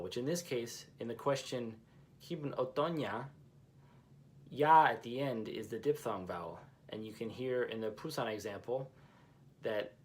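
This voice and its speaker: A man's voice: fairly low pitch, a little hiss or hum. A man teaching a language lesson who explains patiently and repeats each example phrase twice.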